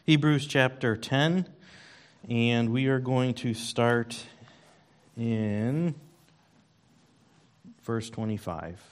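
A man's voice: medium pitch, drawn-out words, pauses often. A man giving a casual, rambling sermon in a church, self-deprecating and full of ums and uhs. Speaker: lay preacher at church service. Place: church sanctuary.

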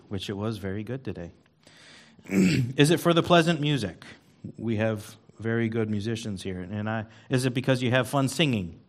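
A man giving a casual, rambling sermon in a church, self-deprecating and full of ums and uhs. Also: mid-range voice. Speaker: lay preacher at church service. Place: church sanctuary.

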